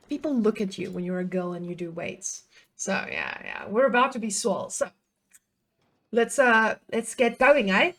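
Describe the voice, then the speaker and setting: Young woman, game streamer. Excitable, foul-mouthed casual commentary with asides to chat. Voice sits fairly high. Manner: excitable, swearing, frequent laughter, chatty asides to chat.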